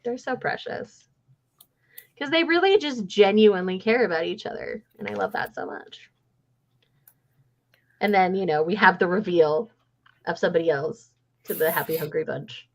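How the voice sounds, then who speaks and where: A woman's voice: on the low side, animated, moderate pace, long pauses. A woman hosting a casual book club chat, gushing and acting out characters' lines. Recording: muffled lo-fi audio.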